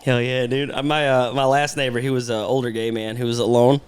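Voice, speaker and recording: A man's voice: medium pitch, level tone, fairly quick, clear, resonant tone. A young man telling crude stories in casual chat as a podcast host, laughing often.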